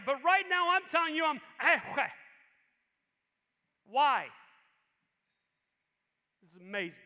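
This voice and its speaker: A male pastor preaching a sermon with animated emphasis. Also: very high-pitched, unhurried, pauses often. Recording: long reverb in a large hall.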